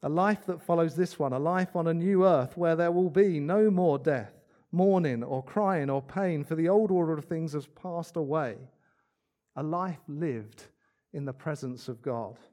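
A man preaching a sermon, earnest, slowing down to stress key words and adding light asides. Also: fairly high pitch, a little mellow.

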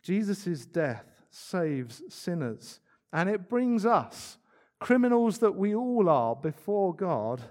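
A man preaching a sermon, earnest, slowing down to stress key words and adding light asides. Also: high voice, sing-song, a little mellow.

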